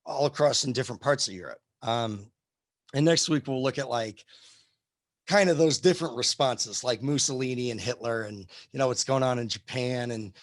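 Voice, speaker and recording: A man leads a casual live history class, wandering through his points with lots of fillers, restarts and searches for the right word. His voice sits at an ordinary middle pitch, recorded close and dry with no room sound. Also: a bit bright, dry recording. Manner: rambling, many fillers and restarts. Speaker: history teacher.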